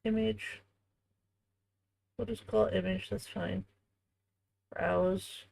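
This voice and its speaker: Creaky-voiced woman chatting on a stream. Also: medium pitch, fairly even intonation, takes it slowly, a little mellow, poor audio. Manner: chatty, talks to viewers while working. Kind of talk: casual live-stream chat while crafting.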